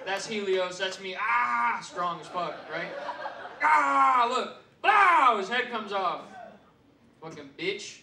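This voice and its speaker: A man doing stand-up, telling a profane story with loud bursts and laughs. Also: high voice, takes it slowly, gravelly, pauses often. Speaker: comedian. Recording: roomy stage sound from far mic, audience.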